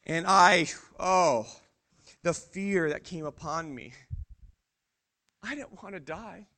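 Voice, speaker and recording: Casting: a man doing a grief-stricken male disciple, high sharp voice, slow and hushed. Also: full character voice. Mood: remorseful. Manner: dramatic first-person monologue, hushed, broken pauses. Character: remorseful adult male disciple recounting his denial.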